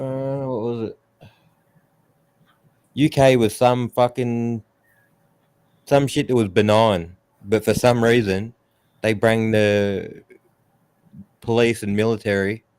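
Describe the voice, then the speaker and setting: A man's voice: lowish voice, a little mellow, clean tone, no echo. A man, ranting bluntly and profanely in a casual stream chat. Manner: mocks others in raised put-on voices.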